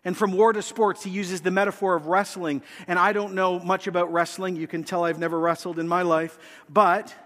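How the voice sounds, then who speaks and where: A pastor, preaching a sermon in a church and speaking earnestly and directly to the congregation. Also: male voice, high-pitched, flat delivery, brisk, hardly any pauses, fairly bright tone, big-room sound. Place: church sanctuary.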